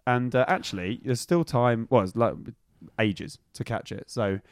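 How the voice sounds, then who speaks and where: A man's voice: medium pitch, normal speed. A man hosts a comedy podcast with loose, rambling banter and a bit of swearing. His voice sounds dry and close, with little room echo. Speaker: podcast host. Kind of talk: casual comedy chat. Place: bedroom in a rented flat.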